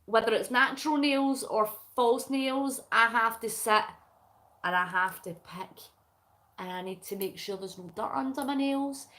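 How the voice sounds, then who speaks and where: Woman, Scottish accent, middle-aged, high voice, casual livestream chat, giggly. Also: unhurried, bright, forceful tone. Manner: chatty and giggly, talks while crafting. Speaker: livestream host. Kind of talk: casual live chat reading comments.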